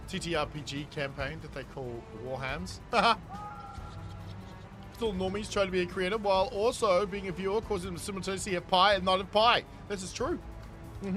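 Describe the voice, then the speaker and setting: Kiwi male streamer, high bright voice, chatty chat-reader, faint music under. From New Zealand. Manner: reads chat aloud and riffs on it, laughing often. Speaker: gaming streamer. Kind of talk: casual live-stream chat.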